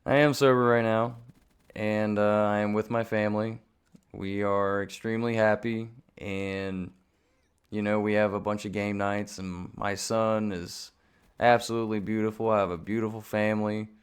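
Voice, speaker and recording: Male host, smooth resonant lowish voice, candid and earnest, self-deprecating. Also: flat delivery, moderate pace. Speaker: channel host. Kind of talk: candid confessional talk.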